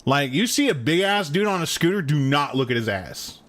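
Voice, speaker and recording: Young male streamer, slightly high, expressive delivery, slangy jokes. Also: moderate pace. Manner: crude joking banter with chat, slangy. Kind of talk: casual gameplay chat.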